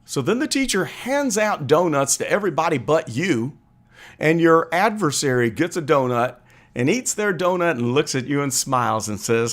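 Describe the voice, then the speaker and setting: Animated man hosting political commentary. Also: a little high, moderate pace. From Chicago. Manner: earnest, storytelling with acted-out quotes. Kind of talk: live stream commentary.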